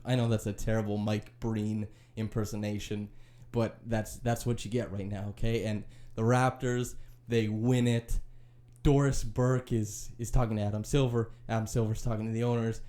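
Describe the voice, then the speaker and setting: A man hosting a sports podcast, retelling a game in an animated and opinionated way. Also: fairly low pitch. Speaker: podcast host. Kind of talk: casual sports podcast recap.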